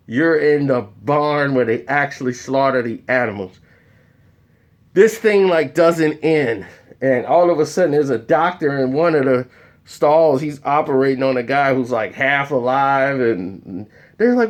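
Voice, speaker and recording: A man telling a comedic story in an animated way, acting out the voices of the people in it. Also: a little high, unhurried.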